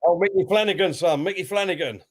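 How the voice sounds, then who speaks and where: A man with an East London accent co-hosting a football fan live stream, reading out viewer comments and chatting in a relaxed, friendly way. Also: sits high, fast, slightly rough. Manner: chatty, relaxed, thanks viewers and retells comedy bits. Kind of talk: casual chat.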